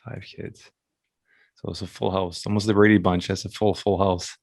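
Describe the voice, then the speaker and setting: Casting note: male podcast host, lowish voice, dry close sound, rambling questions. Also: level tone, normal speed, no echo. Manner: laughs often, rambling questions. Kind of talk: casual interview.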